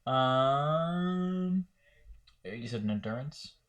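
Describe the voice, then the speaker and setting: Man player, slow, bright, distant dry mic. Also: medium pitch, lively intonation. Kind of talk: casual chat during a tabletop game.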